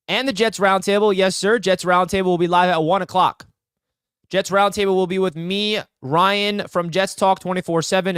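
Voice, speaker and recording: Hyped young guy ranting about his team on a live stream, high clear voice, dry close sound. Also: a bit bright, dry recording. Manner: fired-up, emphatic, fan banter. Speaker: sports channel host. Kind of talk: excited live-stream sports talk.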